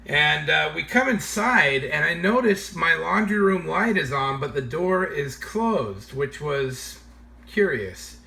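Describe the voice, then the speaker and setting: Casual male storyteller, slightly high voice, animated and laughing. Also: slow, vocal fry. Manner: animated, laughs while telling.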